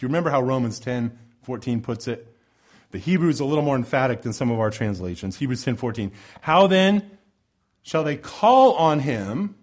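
A male pastor preaching a sermon in a church over the sound system, impassioned, swinging between loud pleading and soft low asides. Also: animated, normal speed. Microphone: church sound system microphone.

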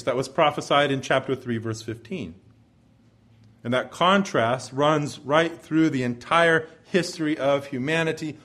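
A male preacher delivering an expository sermon in a measured, emphatic way, his voice dropping low at the ends of phrases.

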